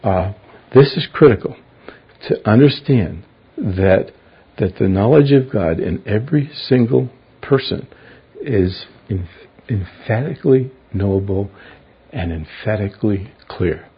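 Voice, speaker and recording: A man's voice: fairly low pitch, expressive, a little slow, breathy edge. A man teaching a verse-by-verse Bible study. He explains the meanings of words and puts questions to his class. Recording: dull lo-fi recording.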